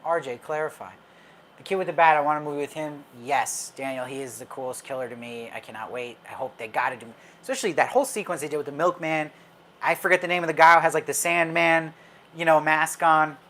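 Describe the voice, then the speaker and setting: A man's voice: on the high side, fast talker, fairly bright tone, slight background noise. A man hosting a live stream as a film commentator, talking casually with viewers and answering their comments in a chatty, opinionated way with frequent fillers and restarts.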